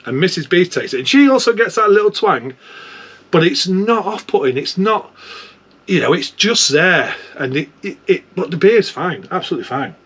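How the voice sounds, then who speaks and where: A man's voice: high voice, animated, normal speed, a bit bright, slightly rough. A man with a British accent chatting informally and at length as a homebrew vlogger. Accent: British English. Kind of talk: casual chat.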